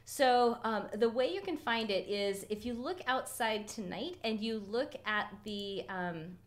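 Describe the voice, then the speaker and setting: A woman from California hosting an astronomy livestream outdoors at night, chatty and quick to laugh. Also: a little high. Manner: chatty, laughs often, lively storytelling. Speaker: astronomy club host. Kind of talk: casual livestream stargazing talk.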